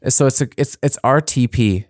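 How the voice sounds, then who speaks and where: A podcast co-host, a man with a medium-pitched, darkish voice, chats casually at a moderate pace, rambling and laughing at his own jokes. The recording is dry, with clean studio sound.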